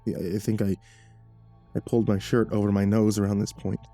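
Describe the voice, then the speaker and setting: Male horror narrator with a warm, dark tone; reads slowly and dramatically over quiet music. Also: lowish voice, level tone. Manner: measured and dramatic, with nervous stammered repeats. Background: faint background music.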